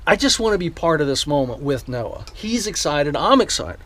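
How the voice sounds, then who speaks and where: A man's voice: fairly high pitch, big pitch swings, moderate pace, a bit bright. A man vlogging, eagerly retelling a personal story to camera in a rambling way, with the odd swear.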